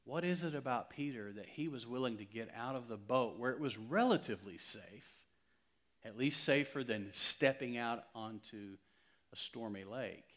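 A male pastor preaching a sermon in a conversational, emphatic way, swinging from loud to hushed. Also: mid-range voice, normal speed.

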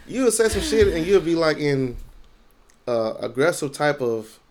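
A man co-hosting a casual podcast, relaxed and teasing, speaking bluntly with slang and swearing. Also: a little high, measured pace, a little hiss or hum. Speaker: podcast co-host. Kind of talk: casual chat.

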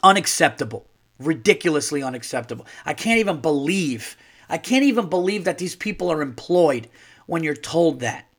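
A man's voice: on the high side, animated, moderate pace. A middle-aged man hosting a podcast alone, ranting angrily with lots of swearing and acting out conversations. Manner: angry ranting, swearing, acts out dialogue. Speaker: podcast host. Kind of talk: solo podcast rant.

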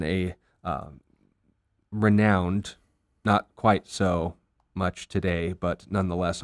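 A man hosting a faith discussion show as pastor, explaining his points in an earnest, brisk way. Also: low voice, no room sound, clean studio sound. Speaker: pastor and host.

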